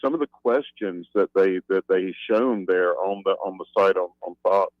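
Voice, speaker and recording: Male caller, low-voiced and indignant, dull phone-line audio. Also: fairly even intonation, no room sound. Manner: indignant, halting with fillers. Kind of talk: phone-in call.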